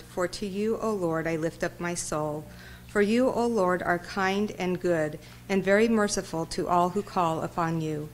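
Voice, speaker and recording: Woman reading psalms, low and steady. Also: rough recording. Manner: steady measured reading aloud. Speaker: reader. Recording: church recording with faint noise.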